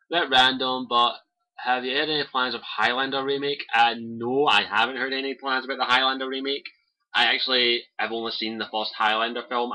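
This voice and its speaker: Young man, Scottish accent, bright sharp voice, mid pitch, rambling casual chat, cheap desk mic. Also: rough recording. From Scotland. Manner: rambling, swears freely, many fillers. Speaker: livestreamer. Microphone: cheap desk mic by keyboard.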